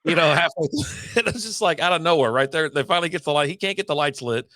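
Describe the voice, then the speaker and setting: A man's voice: fairly high pitch, animated, fast talker, bright, forceful tone, dry recording. A man co-hosting a casual podcast chat, laughing often as he retells movie scenes with gusto. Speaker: podcast co-host.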